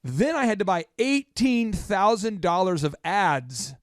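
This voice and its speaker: Animated male podcast host, dry sound. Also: high-pitched, dry recording. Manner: animated, rapid-fire, self-mocking. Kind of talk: storytelling in casual chat.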